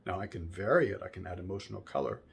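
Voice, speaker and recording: A man's voice: deep voice, animated, very fast, creaky, slightly rough. A man teaching a music lesson, explaining patiently and often checking in with "right?", singing short examples between explanations.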